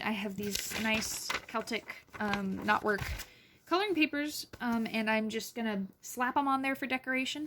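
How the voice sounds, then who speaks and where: A woman's voice: mid-range voice, gravelly, a bit bright. A young woman talking casually into her phone in a rambling, anxious, self-deprecating way. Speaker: vlogger. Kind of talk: casual selfie vlog.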